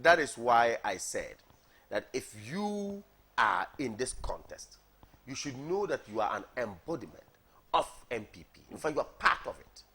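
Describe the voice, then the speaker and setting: A man's voice: mid-range voice, sing-song, moderate pace, pushed and bright, husky. A man, a party coordinator arguing emphatically as a guest in a TV studio, repeating words for stress. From Ghana. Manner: emphatic, repeats words, asks "are you getting me". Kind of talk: heated political debate on morning TV.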